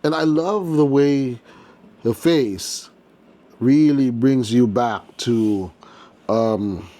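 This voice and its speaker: A man in a chatty, joking mood walks through a collectible figure in a relaxed unboxing commentary. His voice sits at an ordinary mid pitch and his delivery stays loose and playful, as if talking to fellow collectors. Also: very slow. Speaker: toy collector host.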